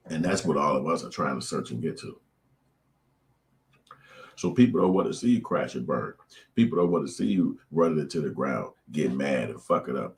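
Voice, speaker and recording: A man delivers a blunt, profane, preachy monologue to his viewers. His voice sits extremely low. A faint hum of noise runs under the recording. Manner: blunt, profane, preachy ranting with acted-out quotes. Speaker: show host. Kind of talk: casual opinion monologue to viewers.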